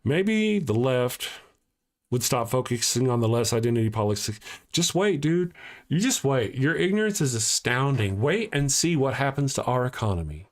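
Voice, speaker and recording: A man's voice: mid-range voice, sing-song, moderate pace. A man hosting a live-streamed talk show, ranting heatedly and answering chat comments aloud from home.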